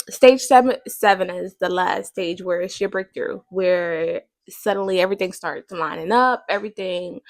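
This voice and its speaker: A woman's voice: on the low side, no echo. A woman hosting a casual faith podcast, rambling and thinking aloud with many fillers. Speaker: podcast host.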